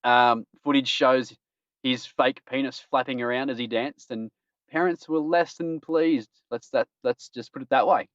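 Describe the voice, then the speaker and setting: A cheeky Australian man hosts a podcast and riffs on strange news stories, chuckling at his own jokes. His voice sits at an ordinary middle pitch and sounds dry, with no room around it. The stream audio is dull and lo-fi. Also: steady tone, normal speed, a bit bright, dry recording. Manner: cheeky, jokey, laughs at his own puns. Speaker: podcast host. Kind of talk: casual news-roundup chat.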